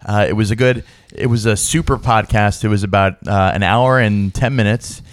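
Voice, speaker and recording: A man's voice: lowish voice, fairly even intonation, normal speed. A man co-hosting a casual podcast, cracking dry, crude jokes. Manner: dry joking, crude asides. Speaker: podcast co-host.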